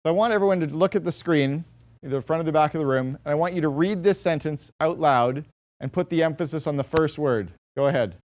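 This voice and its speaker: A man's voice: a little high, quick pace, darkish tone. A man giving a motivational business talk to a live audience, direct and emphatic, with punchy short lines. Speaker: speaker addressing an audience.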